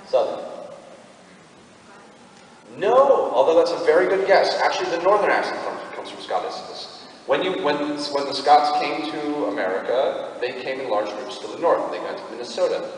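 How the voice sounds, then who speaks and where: A man's voice: fairly high pitch, expressive, brisk, a little hiss or hum. A man speaking as a convention panel guest, rambling through explanations with frequent ums and restarts, recorded by a camera in the audience. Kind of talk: casual panel talk answering a fan. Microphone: fan camera in the audience, far off. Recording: echoey hall from far off.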